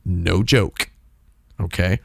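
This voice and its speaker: A man hosts a stream in a deep, breathy voice with vocal fry, talking extremely slowly with his mouth right on the foam of a close dynamic microphone. His casual chat is rambling, playful, and jokey. The studio sound is clean, with no echo.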